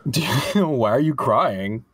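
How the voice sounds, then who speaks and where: A young man co-hosts a podcast, chatting casually, animated and jokey, laughing often. His mid-range voice is husky and unhurried, captured as a dry, clean studio recording.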